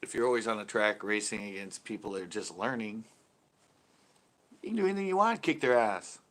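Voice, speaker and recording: A man's voice: on the low side, expressive, a little fast, a bit bright. A middle-aged man hosting a live stream, chatting casually, laughing often and swearing lightly.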